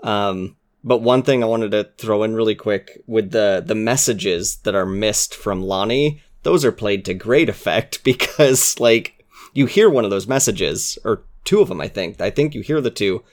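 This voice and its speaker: A man in casual podcast chat, talking earnestly about a game with fillers and soft asides. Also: on the low side, normal speed. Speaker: podcast co-host.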